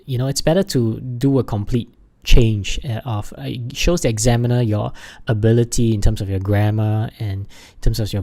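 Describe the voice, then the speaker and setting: A man teaching an English exam lesson over slides, halting often with fillers and restarts, and leaning hard on key words. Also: lowish voice, warm tone. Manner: stresses key words by raising his voice.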